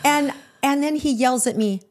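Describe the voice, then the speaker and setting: A woman's voice: high-pitched, normal speed. A woman co-hosting a podcast, telling a story in casual chat, acting out the dialogue and swearing freely. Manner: animated, acts out the dialogue in her story. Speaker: podcast co-host.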